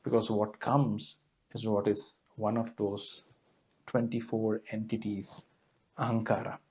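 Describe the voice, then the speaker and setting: A man's voice: fairly low pitch, flat delivery, unhurried, darkish tone. A man giving a spiritual talk to a gathering, telling stories earnestly with frequent small fillers. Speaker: guest speaker.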